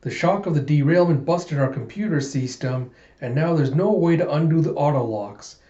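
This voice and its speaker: A man voicing a male robot on a train, speaking slowly and evenly. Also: on the high side, dark tone, lightly acted. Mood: calm. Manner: slow, measured delivery. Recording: muffled echoey room.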